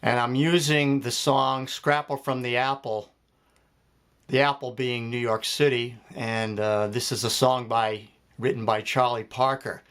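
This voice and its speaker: A man with a medium-pitched, smooth voice teaches a jazz piano lesson at a steady, slightly slow pace. He explains phrasing step by step and counts the beats out loud while loud piano plays behind him.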